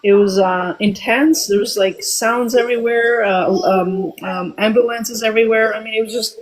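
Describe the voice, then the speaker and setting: A woman in her forties from Albania, telling a personal story as a guest, reflective and often pausing with ums and restarts. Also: a little high, fairly even intonation, slight background noise, low-quality recording.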